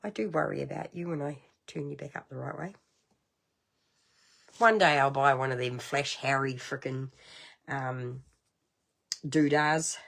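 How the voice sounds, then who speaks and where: A middle-aged woman with a New Zealand accent hosting a casual card-making livestream, chatty and rambling, with sudden high exclamations. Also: a little slow, creaky, long pauses, fairly bright tone. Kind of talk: casual craft livestream chat.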